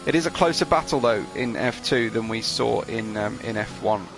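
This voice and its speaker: A race commentator covers an online qualifying session, chatty and full of fillers as he reads out viewer messages. His voice is medium-pitched and gravelly at a normal speed, with music in the background.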